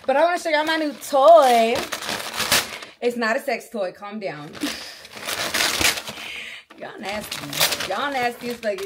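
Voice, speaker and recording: Mom vlogger at home, blunt and playful, strained from yelling, animated delivery. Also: female voice, fairly high pitch, measured pace, long pauses, very noisy. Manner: blunt, playful, swears freely. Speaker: mother and vlogger. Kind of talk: casual home vlog chat. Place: home bedroom.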